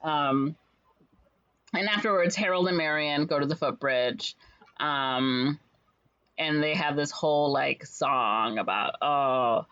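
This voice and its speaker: A young adult chattily retelling a musical's plot, with lots of ums and quick jumps in pitch to act out the lines. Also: a bit bright. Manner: rambling storyteller with many fillers, jumps to higher pitch for quoted lines. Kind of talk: casual chat. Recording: slightly dull lo-fi recording.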